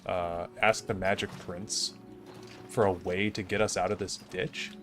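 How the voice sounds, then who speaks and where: A man's voice: low voice, flat delivery, measured pace, a bit bright, faint music behind. Fairy-tale fishwife, greedy and exasperated; man voices her. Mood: scolding. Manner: scolding, incredulous. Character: greedy exasperated fisherman's wife.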